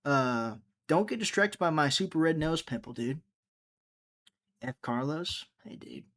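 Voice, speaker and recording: A man's voice: a little high, expressive, unhurried, fairly bright tone. A man hosting a casual livestream, rambling and joking as he answers viewers' chat comments. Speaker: livestream host.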